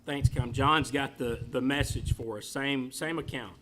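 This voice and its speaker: A man's voice: mid-range voice, a little slow, a bit bright, slight background noise. A man leading a church Bible class in a chatty, joking way. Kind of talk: casual church class talk.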